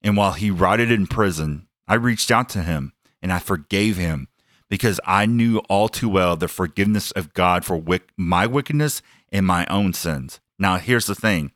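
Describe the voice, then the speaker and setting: A man's voice: deep voice, normal speed, a bit bright, dry recording, studio quality. A man preaching a sermon, emphatic and earnest, stacking phrases as he builds each point and sharing his own story. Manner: emphatic, building lists with rising intensity; earnest personal testimony.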